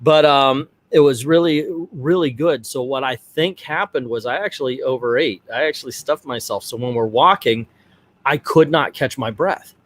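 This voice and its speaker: A middle-aged man hosting a casual vlog, telling a personal story in a rambling, animated way. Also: mid-range voice, normal speed. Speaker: vlog host.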